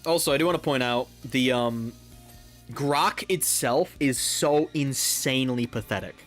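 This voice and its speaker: Gamer voice ranting and cursing, stumbles and repeats words, mid pitch. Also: slow pace, long pauses, faint music behind. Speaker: gaming YouTuber. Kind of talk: ranting gameplay commentary.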